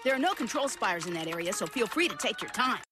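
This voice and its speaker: A woman voicing a lively young kid hero in a dubbed cartoon clip. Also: medium pitch, fast talker, close to an everyday voice. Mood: chatty. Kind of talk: cartoon dub dialogue. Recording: clip with music underneath.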